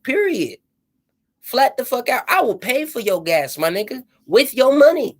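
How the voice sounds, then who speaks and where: A man's voice: extremely high pitch, big pitch swings, normal speed. A man delivering an impassioned, profane rant with a preachy edge, often repeating "you know what I'm saying.".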